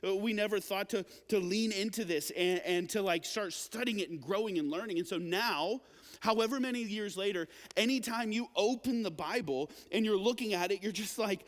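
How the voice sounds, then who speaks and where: A young man with a high, light voice gives a youth sermon in a big hall whose long reverb trails after every phrase. He talks casually and animatedly, full of filler words, like a storyteller chatting with teenagers. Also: moderate pace. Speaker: youth pastor.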